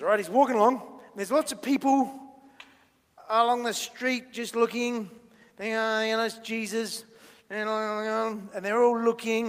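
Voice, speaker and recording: A man's voice: extremely high pitch, a bit bright. A man leading a playful children's talk in church, chatty and jokey, quizzing the audience as he draws. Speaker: minister giving a children's talk. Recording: long church-hall reverb.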